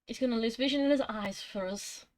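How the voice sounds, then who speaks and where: A woman reading a fan story aloud for laughs, deadpan and giggling between lines. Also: on the high side, a little fast. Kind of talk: comic read-aloud on a stream.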